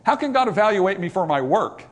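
This sermon comes from a man with a high, very animated voice who talks a little fast. He's emphatic, building to loud, raised stretches, dropping into quiet asides, and reading scripture in old-style wording.

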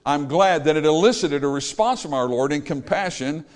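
A male preacher delivering a sermon, rising to loud exclamations and dropping to quiet, low lines. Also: expressive, normal speed.

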